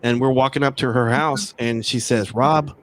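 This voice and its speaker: A man's voice: mid-range voice, fairly even intonation, normal speed, noisy background. A man from Texas, a guest on a remote call, telling a story casually, with many restarts and repeated words.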